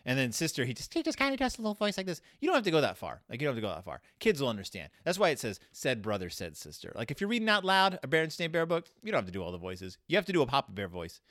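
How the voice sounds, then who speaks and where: Man, podcast host, sarcastic rambling monologue, very lively pitch, dry close sound. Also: racing, few pauses, no room sound. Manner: rambling, sarcastic, animated swings in pitch and loudness. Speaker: podcast host reviewing children's books. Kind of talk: casual comedic monologue.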